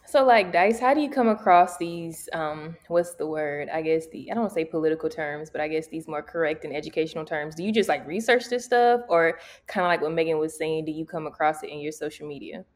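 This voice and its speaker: A woman's voice: deep voice, fairly quick, hardly any pauses. A woman co-hosting a casual group chat, musing and searching for her words. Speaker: podcast co-host.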